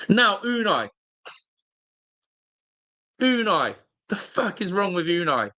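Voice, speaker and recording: Man, fan stream host, angry rant, swearing, bright forceful voice. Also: on the high side, animated, moderate pace. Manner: angry, ranting, swears, repeats phrases. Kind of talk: live football watch-along rant. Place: hotel room.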